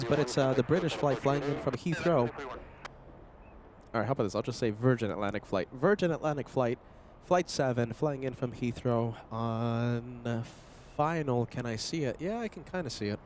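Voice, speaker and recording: A man's voice: mid-range voice, expressive, moderate pace, a little mellow, a little hiss or hum. A man hosting a live plane-spotting stream, chatting with viewers by name while he is sick. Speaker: livestream host.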